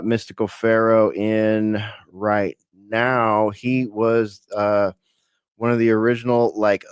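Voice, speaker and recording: A man's voice: on the low side, smooth, dry recording, clean studio sound. A man from California hosting a live-streamed radio show, rambling casually with lots of fillers and the odd swear.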